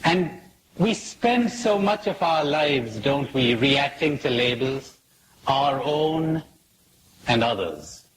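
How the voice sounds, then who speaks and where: A man's voice: medium pitch, very animated, slow, noisy background. A man giving a reflective spiritual talk to an audience, asking questions and telling jokes. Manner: asks questions, tells jokes with acted quotes. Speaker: spiritual speaker.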